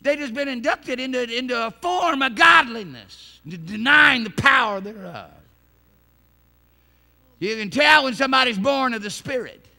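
Gravelly high-voiced preaching pastor. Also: male voice, expressive, moderate pace. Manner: builds from quiet talk to shouted preaching; repeats words and restarts phrases. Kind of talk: sermon. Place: church.

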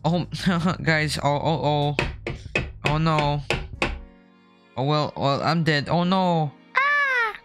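A man's voice: on the high side, fairly even intonation, drawn-out words, pauses often, over music. A young man streaming a horror game live, chatting and joking as he gets startled. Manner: chatty, jokey, easily startled. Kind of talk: live gameplay commentary.

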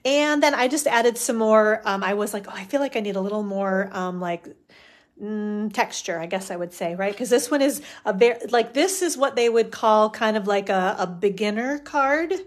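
A middle-aged woman leads a live stamping demo, her mid-range voice lively and at normal speed. Chatty and rambling, she talks herself through the work with fillers and little laughs.

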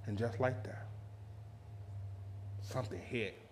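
A man preaching a lively sermon, telling a personal story and acting out quotes with laughter. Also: mid-range voice, takes it slowly, slight background noise. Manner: animated, laughing, acts out quotes in a raised voice.

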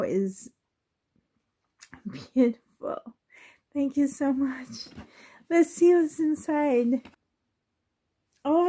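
A woman's voice: fairly high pitch, warm tone, husky. A woman doll collector in a casual unboxing vlog, gushing and emotional, often laughing and sighing, talking on the floor at home.

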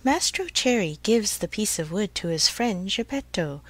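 A woman reading a storybook aloud for English learners in a clear, measured way. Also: mid-range voice, expressive, no echo. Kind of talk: scripted storybook narration.

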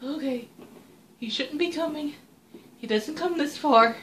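A woman's voice: high-pitched, a little slow, fairly bright tone, a little hiss or hum, poor audio. A young woman commentating a horror game, panicky and laughing nervously, often repeating herself. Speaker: gaming YouTuber.

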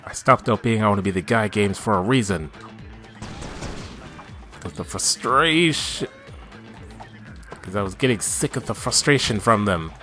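A man doing let's play commentary, swinging between chatty self-talk and loud, swearing outbursts at the game. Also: fairly low pitch, a little slow, long pauses, soft background music. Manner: excitable, yelling and swearing at the game.

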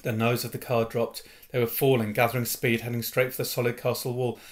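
Man, audiobook narration, mid pitch, expressive storytelling. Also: brisk. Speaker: reader.

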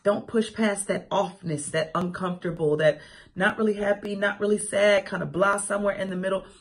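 A woman's voice: mid-range voice, fairly even intonation, fairly quick. A woman hosting a morning radio show, giving faith-filled encouragement with emphatic, repeated phrases and sassy asides. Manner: sassy asides and laughing quips. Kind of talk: morning radio inspirational talk.

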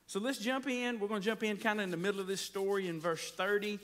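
A man's voice: high voice, steady tone, fast, a bit bright. A man preaching a folksy, conversational sermon, often checking in with his congregation. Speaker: pastor.

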